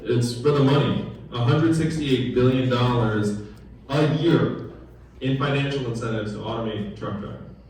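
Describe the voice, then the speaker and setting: A political candidate with a medium-pitched, slightly mellow voice speaks at a moderate pace, recorded from a distance in a large, very echoey room. At a town hall gathering he gives a conversational campaign speech, quizzing the audience with questions.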